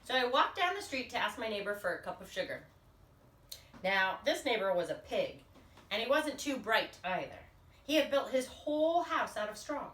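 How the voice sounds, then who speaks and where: A woman's voice: on the high side, very animated, normal speed, a bit bright, reverberant, recorded from a distance. A woman reading a picture book aloud to children in a playful, exaggerated storybook manner. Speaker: storytime reader.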